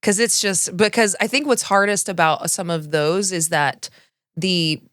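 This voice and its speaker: Female co-host, lowish voice, relaxed giggly banter, dry close mic. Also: unhurried, dry recording. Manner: easygoing, laughing, with fillers like "like". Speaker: podcast co-host. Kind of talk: casual chat.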